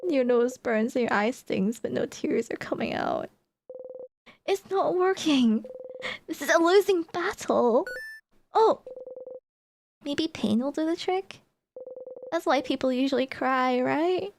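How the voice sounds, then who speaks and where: Woman streaming a game, high-pitched and slow, reads the on-screen text and reacts with exclamations. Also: vocal fry, slight background noise. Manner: expressive, exclaims and laughs between read passages. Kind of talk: reading game text aloud with live reactions.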